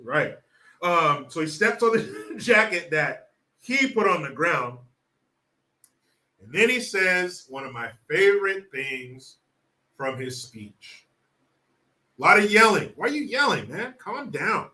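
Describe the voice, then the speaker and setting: A man giving sarcastic political commentary in an animated, mocking way. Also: on the high side, takes it slowly, long pauses. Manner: sarcastic, animated, laughs often.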